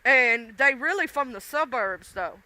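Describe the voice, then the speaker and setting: A blunt, middle-aged woman chats casually with her live viewers and swears freely. Her voice is smooth and resonant, and it is recorded close and dry. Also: high voice, lively intonation, a little slow, pushed and bright, no echo. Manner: blunt, profane, talks straight to chat. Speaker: livestream host.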